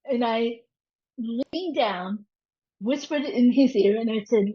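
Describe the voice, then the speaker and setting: A woman's voice: on the high side, takes it slowly. A woman guest on an interview show, telling a story and animatedly acting out the voices of the people in it. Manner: animated, quotes voices as she tells. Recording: dull lo-fi audio.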